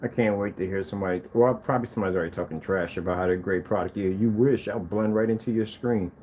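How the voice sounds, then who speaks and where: A man testing and showing off his own projector screens, talking casually to the camera and to himself, proud and quick to defend his product. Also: fairly low pitch, slight background noise. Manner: animated, talks to himself as he browses.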